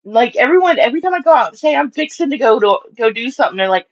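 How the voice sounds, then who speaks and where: A woman's voice: high-pitched, expressive, quick pace, highs cut off. A woman with a Southern US accent chatting casually to her live-stream audience, rambling and laughing often.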